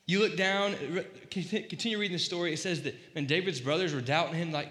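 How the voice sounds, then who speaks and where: Bright-voiced man preaching in an echoey hall. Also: high voice, fast talker, hardly any pauses. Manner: animated, jokey, acts out quoted lines. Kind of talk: casual sermon. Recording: echoey hall, voice slightly distant.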